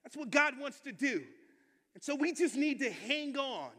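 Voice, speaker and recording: A male pastor preaching a sermon with energetic, emphatic delivery and calls for amens to the congregation. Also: extremely high pitch, normal speed. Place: church sanctuary. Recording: long hall reverb.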